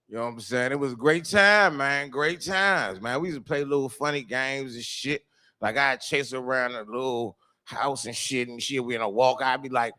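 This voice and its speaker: A man doing a stand-up comedy set, telling a loose rambling story with lots of filler and swearing, breaking into shouted quoted voices. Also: fairly high pitch. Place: live comedy show venue.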